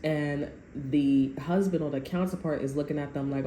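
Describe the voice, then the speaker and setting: A woman giving a casual, animated tarot reading, full of profanity and asides to her viewers. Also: deep voice, moderate pace, hardly any pauses. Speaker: tarot reader. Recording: echoey room, faint noise.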